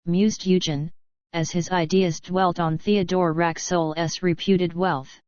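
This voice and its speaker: A woman narrating a classic novel as an audiobook in measured storytelling. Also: lowish voice, level tone, darkish tone, no echo, dull audio. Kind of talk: scripted narration.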